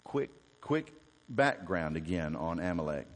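Low-voiced preacher in a reverberant hall. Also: male voice, a little slow. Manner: animated storytelling, asks the congregation questions. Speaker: Baptist preacher. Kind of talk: sermon.

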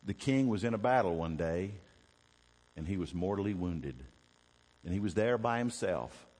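Low-voiced preacher in a reverberant hall. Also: male voice. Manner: animated storytelling, asks the congregation questions. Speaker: Baptist preacher. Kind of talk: sermon.

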